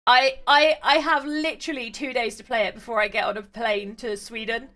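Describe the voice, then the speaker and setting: A woman's voice: steady tone, normal speed, hardly any pauses, fairly bright tone. A woman streaming a game, chatty and playful, reading story text aloud to her chat. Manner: chatty and playful, reads with varied pitch.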